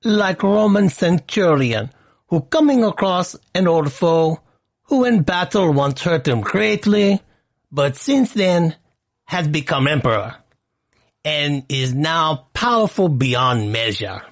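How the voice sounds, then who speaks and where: A man voicing a slightly crazy female Russian assassin, with a put-on Russian accent and a slow, measured cadence. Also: sits low, animated, voice pushed up, exaggerated voice. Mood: menacing calm. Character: unhinged female Russian assassin, cool and precise.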